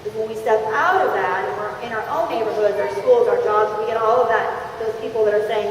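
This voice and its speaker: Woman speaker in a booming hall. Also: fairly quick, few pauses, recorded from a distance. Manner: lively and conversational, acts out scenes. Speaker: speaker at a sales event. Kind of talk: motivational talk to a live audience. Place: large convention center hall. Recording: echoey hall, mic from afar, faint hum.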